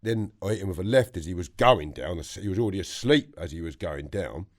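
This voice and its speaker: A man with a London accent telling his story as a podcast guest, blunt and animated, swearing freely. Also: low-pitched, fairly quick. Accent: London English. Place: podcast studio.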